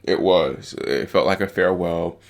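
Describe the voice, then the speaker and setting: A man's voice: deep voice, moderate pace, creaky. A man talking to camera as a tennis vlogger in casual spoken commentary, rambling and hesitant, heartfelt and openly affected by what he discusses. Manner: rambling, hesitant, with many restarts and fillers.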